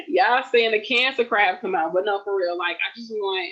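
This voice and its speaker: A woman in her late twenties chatting casually and warmly to her livestream viewers, calling them y'all. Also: mid-range voice, moderate pace, few pauses, dull audio. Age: late 20s. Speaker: nurse vlogger. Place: at home.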